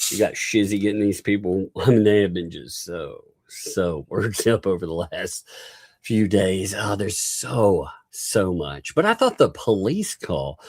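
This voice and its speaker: A man with a Southern US drawl hosts a live commentary show, amused and sarcastic, with frequent chuckles breaking into his sentences. His voice sits on the low side but swings up and down with lively, animated inflection. The sound is close and dry, with no room echo. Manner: chuckles often while talking. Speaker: livestream host.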